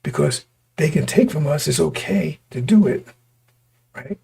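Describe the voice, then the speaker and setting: Hoarse, gravelly male preacher. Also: a little high, lively intonation, measured pace, mellow. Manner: repetitive, stop-start, rhetorical questions to listeners. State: voice going hoarse. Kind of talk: street-style sermon to a congregation.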